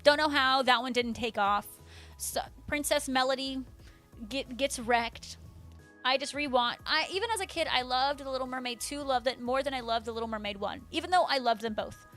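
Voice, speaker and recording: A woman's voice: high voice, normal speed, fairly bright tone, faint music behind. A young woman streaming live, chatting casually and bubbly as she reads out her viewers' messages.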